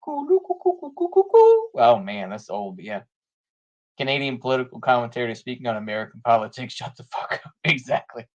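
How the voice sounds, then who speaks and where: A man's voice: medium pitch, steady tone, fast talker. A man talking casually in rambling political commentary, full of "you know" fillers and frequent laughs.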